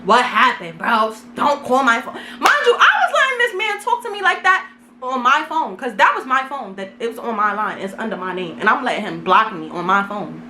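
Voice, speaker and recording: A woman's voice: on the high side, lively intonation, fairly quick, background noise. A young woman from Brooklyn, telling a casual storytime in a slangy, self-mocking way. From Brooklyn, New York. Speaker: vlogger. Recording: echoey room.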